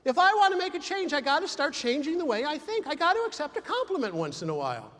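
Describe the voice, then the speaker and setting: A man's voice: very high voice, quick pace, long reverb tail. A man giving a humorous motivational keynote to a large conference audience, acting out the dialogue in his stories. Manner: animated storytelling with acted-out dialogue. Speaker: keynote speaker. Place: large conference hall before a big audience.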